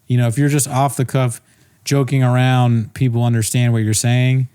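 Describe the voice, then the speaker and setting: A man's voice: medium pitch, flat delivery, normal speed, dark tone, clear, resonant tone. A man co-hosting a podcast in casual comedic chat, loose and joking. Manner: loose, joking, laughs often. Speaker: podcast co-host.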